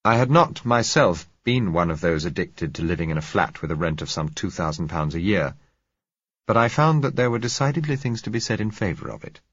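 A man reading a novel aloud as narrator, in a measured, wry manner. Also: sits low, lively intonation, slightly rough, dry recording, lo-fi sound. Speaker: audiobook narrator. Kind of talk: scripted narration.

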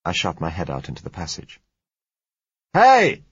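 Low husky male storyteller. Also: fairly even intonation, fast talker, sharp tone, no room sound. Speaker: audiobook narrator. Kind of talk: first-person novel reading. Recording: dull lo-fi dry recording.

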